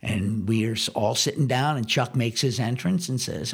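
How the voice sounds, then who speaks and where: A man, a drummer, telling a long story in casual conversation, rambling and animated, with lots of swearing. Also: medium pitch, moderate pace, vocal fry, few pauses, slightly rough.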